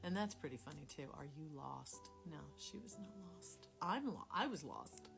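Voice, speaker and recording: A woman telling a personal faith story in a casual, rambling, self-deprecating way, dropping into quiet whispers at times, recorded on a phone. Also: lowish voice, sing-song, moderate pace. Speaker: Christian storyteller sharing a testimony. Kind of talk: casual spoken testimony. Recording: music playing clearly behind the voice.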